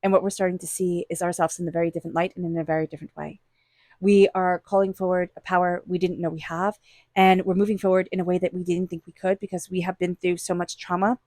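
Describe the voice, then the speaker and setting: A woman's voice: lowish voice, level tone, fast, dark tone, dry recording, studio quality. A woman giving an intuitive tarot reading, talking straight to the listener in an earnest, encouraging way. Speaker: tarot reader.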